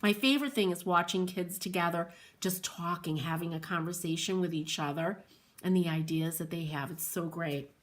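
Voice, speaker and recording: A woman's voice: lowish voice, normal speed. A middle-aged woman hosting a livestream, chatting in a rambling way, laughing often and calling out viewers by name. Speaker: host of a furniture painting livestream.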